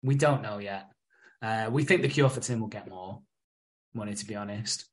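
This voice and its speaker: A man's voice: on the low side, moderate pace. A man co-hosting a podcast in casual chat, joking, swearing freely and laughing often. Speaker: podcast co-host.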